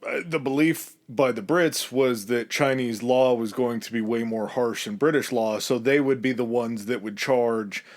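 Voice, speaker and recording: A man's voice: mid-range voice, fairly even intonation, normal speed, hardly any pauses. A man co-hosting a casual, comedic history podcast, loose and profane. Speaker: podcast co-host.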